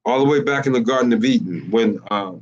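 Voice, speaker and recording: A male preacher teaches his congregation, repeating phrases and stumbling over his words. He often stops to ask his listeners whether they follow him. His medium-pitched voice comes through a dull, muffled, lo-fi recording. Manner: repetitive, halting, with many fillers and rhetorical questions. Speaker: teacher of a religious group. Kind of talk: sermon-style teaching.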